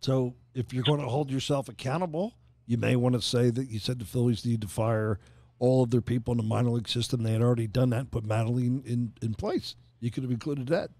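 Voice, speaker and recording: A man's voice: medium pitch, fairly even intonation, fast, dark tone, dry recording. An older man hosting a casual sports podcast, friendly and leading the talk, often repeating himself. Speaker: podcast host.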